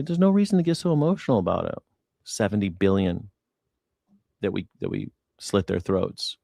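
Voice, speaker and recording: On a live news reaction stream, a man with a lowish voice addresses his chat directly, sarcastic and mocking, alternating loud jabs with hushed asides. The sound is clean studio audio with no echo.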